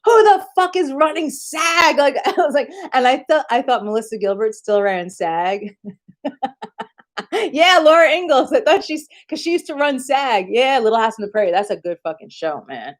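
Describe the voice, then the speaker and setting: A woman's voice: on the high side, moderate pace. A woman streaming live in casual chat, telling rambling stories with lots of swearing and frequent laughter. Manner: profane, laughs often; rambling animated storytelling.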